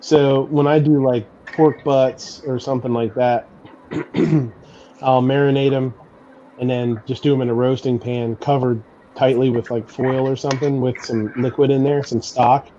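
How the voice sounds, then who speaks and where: A man's voice: mid-range voice, little pitch movement, moderate pace, mellow. A man who cooks at a restaurant, chatting casually and rambling with many fillers. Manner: rambling, hedges with lots of fillers. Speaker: restaurant cook. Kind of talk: casual chat. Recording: muffled lo-fi line with faint noise.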